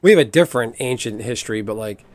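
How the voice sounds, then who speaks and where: A man's voice: mid-range voice, lively intonation, fast, a little mellow. Chatty American man, rambling. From United States. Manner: rambling, chatty, swears casually. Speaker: streamer. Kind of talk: casual chat while gaming.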